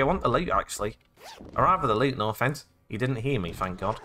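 A man's voice: mid-range voice, very animated, brisk, bright, forceful tone, soft background music. A young British man giving goofy, profane gameplay commentary, narrating his own actions as he plays and breaking into sudden squeals. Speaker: let's play gamer.

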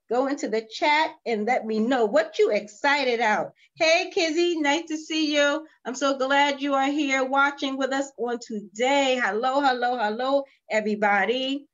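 A woman hosting a virtual spa session over a video call, energetic and cheery, calling out to her viewers. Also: sits high, measured pace, muffled recording. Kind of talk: lively livestream chat.

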